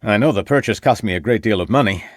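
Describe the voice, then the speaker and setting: A man voicing a confident American doctor who speaks in a slow, formal drawl and stays calm under questioning. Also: on the low side, no echo, clean studio sound, close to an everyday voice. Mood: assured.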